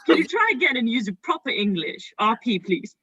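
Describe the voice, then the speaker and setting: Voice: mid-range voice, sing-song, fairly quick, sharp tone, dull audio, slight background noise. A performer playing Fred, a vain and needy nephew hosting a party, giggly and rambling, in a drunken improv stage comedy.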